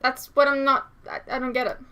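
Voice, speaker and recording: A woman's voice: high-pitched, flat delivery, a little fast, bright, forceful tone, clear, resonant tone. A young woman hosting a reaction channel, chatting casually with many fillers and reading out viewer comments.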